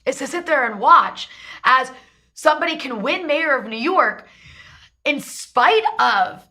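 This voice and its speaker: A woman's voice: sits high, expressive, a little slow, sharp tone. A woman hosting a political talk show, delivering emphatic commentary in long run-on stretches. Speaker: show host.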